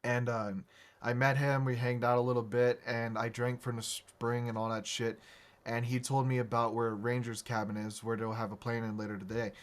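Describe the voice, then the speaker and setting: A man's voice: medium pitch, little pitch movement, normal speed. A man hosting a podcast, telling a long anecdote in a rambling, profane way with frequent restarts. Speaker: podcast host. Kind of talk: casual storytelling chat.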